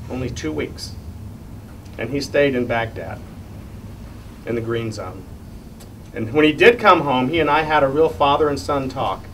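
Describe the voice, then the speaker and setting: A middle-aged man, a congressional candidate, giving an earnest, emotional campaign speech and telling a personal story. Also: mid-range voice. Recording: distant mic, faint room noise.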